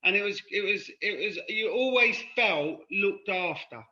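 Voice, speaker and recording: A man's voice: high-pitched, lively intonation, unhurried, pushed and bright. A man with a London accent, raised in London after being born in Ireland, telling stories as a podcast guest in a rambling, casual way. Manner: rambling, often asks "do you know what I mean". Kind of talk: casual conversational storytelling. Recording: dull lo-fi sound.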